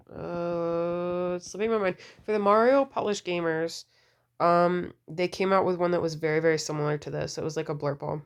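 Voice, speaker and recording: A woman vlogger chatting casually about nail polish, gushing and full of fillers, her voice deepened and a bit slurred from a cold. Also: smooth. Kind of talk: casual wishlist chat.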